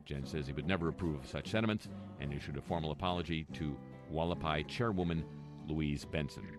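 A man's voice: very deep voice, fairly quick, over music. A man hosting a talk show, reading news items and adding dry, sarcastic asides. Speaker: host. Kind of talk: sardonic news commentary. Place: home near a lake, voice-over.

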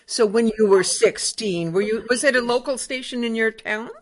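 Hosting a relaxed interview, a woman from the Upper Peninsula of Michigan poses friendly, inquisitive questions. She speaks at a normal speed in a fairly high voice.

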